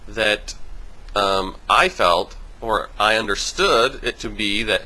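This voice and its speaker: A man venting on his video blog in a casual, animated way, swearing freely and mimicking other people in high voices. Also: slow pace, rough recording. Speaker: vlogger. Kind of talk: casual vlog rant.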